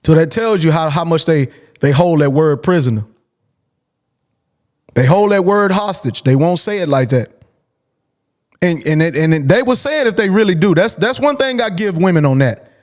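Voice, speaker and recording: A man's voice: fairly high pitch, animated, moderate pace, long pauses, darkish tone. A man hosting a call-in show, talking casually and bluntly, repeating his points for emphasis. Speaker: host.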